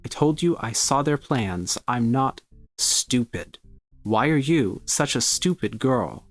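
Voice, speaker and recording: A cold, menacing holy woman voiced by a man reading a game aloud. She scolds in a flat, repetitive way, her voice in the middle register. The read is plain and unhurried. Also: medium pitch, soft background music. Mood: angry scolding. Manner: repeats the same scolding question flatly.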